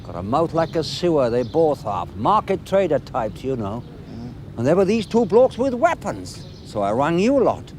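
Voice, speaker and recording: A gossipy neighbour witness. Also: male voice, a little high, normal speed, slight background noise. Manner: gossipy, excitable.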